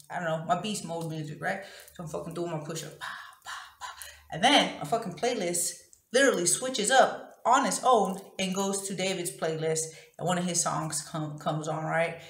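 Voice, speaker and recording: Blunt, swearing woman with a low voice. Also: roomy sound. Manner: raw, profane, emotionally open. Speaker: vlogger. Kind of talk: confessional storytelling.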